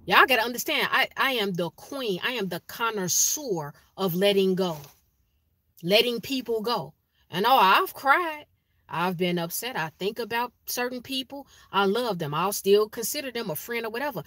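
A woman, talking straight to camera in a blunt, preachy monologue. She repeats phrases to drive each point home, at a mid pitch, recorded close and dry with no room sound. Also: expressive, moderate pace, pushed and bright, no room sound. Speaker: spiritual vlogger.

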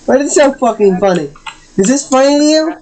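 A woman's voice: high voice, expressive, a little fast, mellow, slight background noise, low-quality recording. A woman chatting casually while gaming, swearing a lot and scolding her cat in exasperated bursts. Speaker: gamer streaming with friends.

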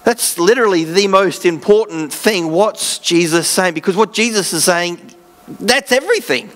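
A man's voice: high-pitched, animated, normal speed, a bit bright. An Australian man, a pastor, preaching a sermon in an earnest, conversational way with self-deprecating asides.

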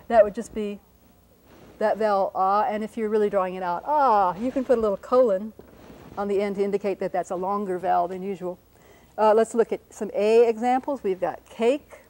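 A woman's voice: mid-range voice, dark tone. A woman linguist giving a patient, step-by-step radio lecture, explaining sounds and writing examples as she talks, with frequent ums and small self-corrections. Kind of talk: radio lecture with whiteboard demonstration.

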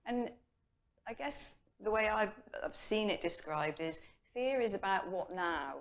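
A middle-aged woman from England, a personal development coach, speaking at a conference and telling stories with lively acted-out inner voices. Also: medium pitch, unhurried. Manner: lively storytelling, acts out her inner voice. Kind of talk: conference talk. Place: conference hall.

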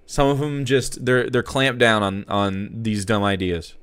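A man's voice: on the low side, measured pace, fairly bright tone, clean tone, no echo. A man hosting live news commentary, reading an article aloud with sarcastic, profane asides. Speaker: streamer host.

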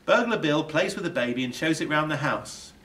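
A male teacher reading a children's picture book aloud with expressive storytelling and dramatic drops. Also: a little high, fairly quick, distant mic.

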